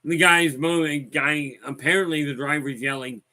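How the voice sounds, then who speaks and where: A man with a bright, forceful voice and a slightly raised pitch rambles through folksy stories with a wry edge. He talks casually, as a host answering comments from his viewers. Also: steady tone, normal speed. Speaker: host of a live talk stream. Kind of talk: casual storytelling chat.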